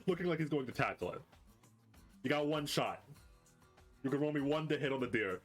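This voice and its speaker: A man's voice: mid-range voice, normal speed. Guy running a tabletop game, rambly and casual, mid voice, some music behind. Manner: casual, rambling, with many fillers. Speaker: game master.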